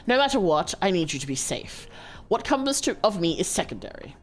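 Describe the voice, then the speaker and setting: A protective Grim Reaper man, read aloud by a woman from a story game, formal and earnest. The voice sits low and swings widely in pitch, with faint music underneath. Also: very animated, brisk. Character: devoted male Grim Reaper, solemn and protective. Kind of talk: reading game dialogue aloud.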